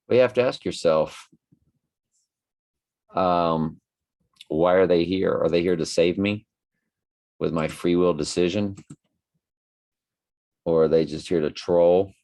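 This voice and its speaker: A man's voice: low-pitched, a little mellow. A tired man hosting a casual livestream, reading out viewer comments in a rambling, musing way with many fillers.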